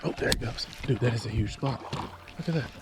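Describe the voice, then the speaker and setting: A man, vlogging while fishing from a kayak and talking excitedly and frustratedly to himself. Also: medium pitch, quick pace, over loud music. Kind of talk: casual vlog talk to camera. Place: outdoors on a kayak on a lake. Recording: noisy outdoor camera audio.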